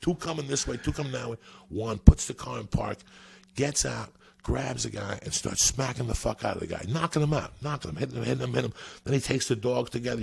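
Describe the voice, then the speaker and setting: A man in his fifties with a deeply gravelly voice tells stories in casual podcast talk. His tone is rough and breathy, and his delivery is loud and animated, full of swearing and repeated words. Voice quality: gravelly, husky. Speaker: podcast guest, comedian. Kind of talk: profane storytelling in casual chat.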